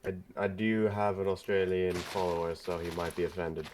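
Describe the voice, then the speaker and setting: A man's voice: deep voice, fairly even intonation, normal speed, a little mellow, slight background noise. A man on a voice chat joining a game, making dry, teasing remarks. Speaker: fellow player on voice chat. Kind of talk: casual voice chat.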